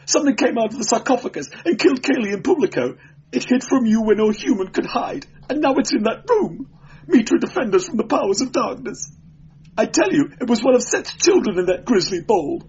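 A man's voice: extremely high pitch, sing-song, fairly quick, darkish tone, breathy edge, muffled recording, voice pushed up, exaggerated voice. A man voicing a terrified male temple clerk whose voice shrills and cracks with hysteria. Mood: hysterical.

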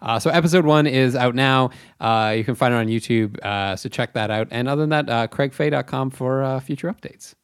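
Halting man, dry close sound. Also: mid-range voice, clean tone, dry recording. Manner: halting, filler-heavy talker. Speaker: comedian guest. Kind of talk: casual podcast chat.

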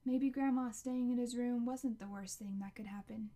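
A woman reads a novel aloud as an audiobook narrator, measured and expressive. Her voice sits slightly high, with a mellow, warm tone. She paces the story carefully and shades it with feeling.

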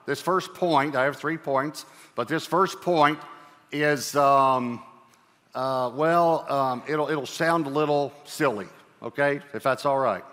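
A man preaching a sermon as pastor, talking in a relaxed conversational way with fillers and repeated phrases. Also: mid-range voice, slow pace. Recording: reverberant church hall.

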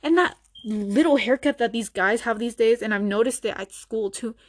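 A woman's voice: fairly high pitch, normal speed. A young woman hosting her own show, delivering a blunt, profane, mocking rant in casual talk. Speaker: podcast host. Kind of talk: ranting casual monologue.

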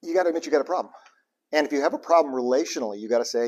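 A man preaching a sermon in a casual, joking style, swinging between loud emphatic bursts and quiet low asides. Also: animated, racing, pauses often. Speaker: pastor.

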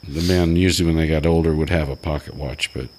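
An older man, rambling through old stories in casual chat with halting restarts. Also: extremely low pitch, steady tone, a little mellow. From Alabama.

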